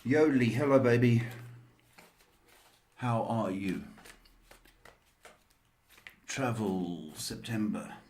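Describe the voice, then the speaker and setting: Slow, hesitant man giving card readings. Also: lowish voice, lively intonation, darkish tone, a little hiss or hum. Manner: slow, hesitant, affectionate, many ums and pet names. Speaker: psychic reader answering viewers' questions. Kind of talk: live-streamed card reading.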